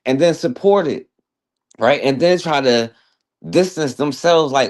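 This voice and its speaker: A man's voice: mid-range voice, fast, a little mellow. A man hosting a talk show, casually commenting on a video clip in a loose, slangy way.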